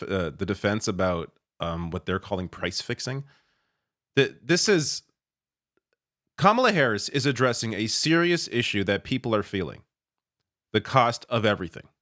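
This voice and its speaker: A man's voice: mid-range voice, a bit bright. Male commentator, mid-range voice, sarcastic and exasperated delivery. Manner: sarcastic, exasperated, laughs often. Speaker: political commentator. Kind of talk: reacting to news clips.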